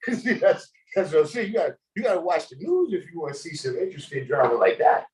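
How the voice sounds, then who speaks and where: A man hosting a casual livestream chat, telling stories in an animated, slangy way and laughing often. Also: a little high, quick pace, few pauses, rough recording. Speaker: host.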